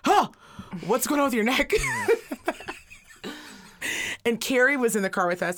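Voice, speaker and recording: A woman in her thirties co-hosting a podcast, telling a story in a profane, animated way and acting out the quotes. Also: a little high, moderate pace, pauses often. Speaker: podcast co-host. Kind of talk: casual storytelling chat.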